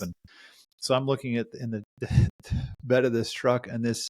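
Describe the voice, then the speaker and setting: A man's voice: medium pitch, brisk, no echo. Man telling a rambling story, dry. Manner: rambling, chuckling storyteller with restarts. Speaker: podcast host. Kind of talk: casual storytelling chat.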